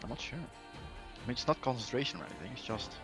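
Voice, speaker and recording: A man's voice: mid-range voice, very animated, fast talker, music in the background. A man playing a tabletop game, speaking casually and often asking about the rules. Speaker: player.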